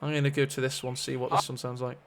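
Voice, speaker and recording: A man's voice: medium pitch, level tone, quick pace, a bit bright. A man casting a strategy-game match on a live stream, chatty and rambling with self-mocking asides. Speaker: esports caster.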